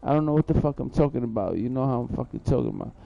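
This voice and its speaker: A man's voice: mid-range voice, expressive, rapid-fire, vocal fry, dry recording, lo-fi sound. A man on a livestream telling a rambling story, repeating himself and swearing heavily. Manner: profane, repetitive, rambling. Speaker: livestream host.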